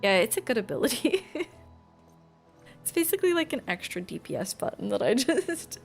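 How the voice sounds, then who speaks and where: Gravelly chatty woman streamer. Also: a little high, big pitch swings, moderate pace, faint music behind. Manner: chatty, giggly, reacts aloud to the game. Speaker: game streamer. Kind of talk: casual gameplay commentary.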